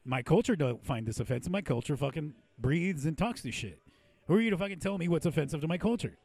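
A man with a gravelly, rough-edged voice tells crude, profane stories, laughing as he goes. He is recorded close and dry for a casual podcast chat. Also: fairly high pitch, lively intonation, fast, a little mellow, dry recording. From Mexican-American from San Diego. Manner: profane, storytelling, laughs often. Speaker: podcast host and puppeteer. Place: podcast studio.

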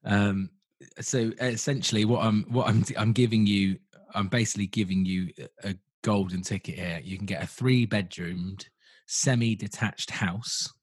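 A man's voice: lowish voice, fairly even intonation, moderate pace, breathy edge, no room sound. A man with a southern English accent co-hosting a podcast, chatting casually and teasing, with lots of hesitant fillers. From southern England. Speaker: podcast co-host. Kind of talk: casual chat.

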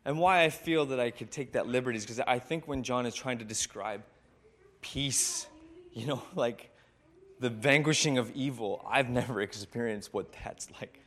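A man preaching as a pastor, retelling a scripture story in a reflective way with dramatic pauses. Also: mid-range voice, fairly bright tone. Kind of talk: sermon storytelling.

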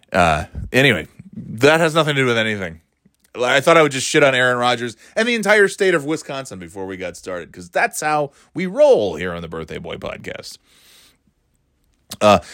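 A man's voice: medium pitch, a bit bright, no echo, clean studio sound. A man from the northeastern United States hosting a solo podcast, rambling and ranting with sarcasm and plenty of swearing. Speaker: podcast host. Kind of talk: casual solo podcast monologue.

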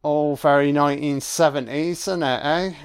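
A man's voice: a little high, steady tone, normal speed, smooth. A man giving a casual, profane and sarcastic film commentary as host.

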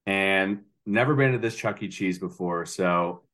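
Male co-host, 30s, lower voice, rambling storyteller who laughs easily. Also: unhurried, a bit bright. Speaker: podcast co-host. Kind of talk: casual chat.

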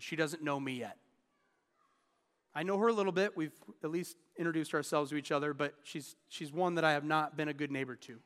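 A man's voice: fairly high pitch, a bit bright, in a large hall. A man in his thirties giving a sermon as pastor, telling personal stories in an earnest, candid way. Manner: earnest, candid storytelling with restarts.

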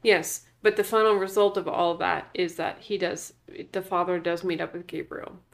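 Low-voiced woman recapping a film. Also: fairly even intonation, moderate pace, gravelly. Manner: emphatic, agreeing and filling in plot details. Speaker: podcast co-host. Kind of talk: casual movie recap chat.

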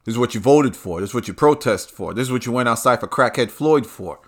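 A man's voice: medium pitch, animated, fast talker. A man delivering a heated, profane and repetitive ranting monologue.

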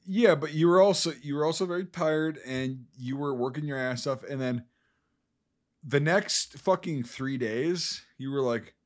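A man's voice: a little high, a little slow. Teasing, profane man on a podcast. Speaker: podcast co-host. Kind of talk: casual chat.

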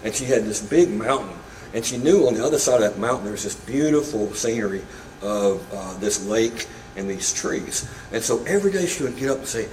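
Conversational preacher in an echoey room. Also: male voice, mid-range voice, lively intonation, a little fast, a little mellow, slight background noise. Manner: conversational preaching with casual asides and humor. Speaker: pastor. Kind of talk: sermon. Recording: echoey room, mic at a distance.

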